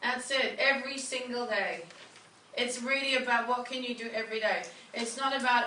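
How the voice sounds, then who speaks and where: A woman's voice: fairly high pitch, normal speed, bright, forceful tone. A woman coaching a group through a workshop lesson, upbeat and encouraging, often turning questions to the room. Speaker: wellness coach leading a workshop. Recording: roomy, from a distance, faint background hum.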